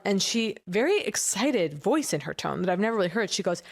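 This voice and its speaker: A woman co-hosting a casual comedy podcast, telling a story with lively quoted voices. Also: fast, hardly any pauses. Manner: animated storyteller, acts out quoted voices with big pitch jumps. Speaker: podcast co-host.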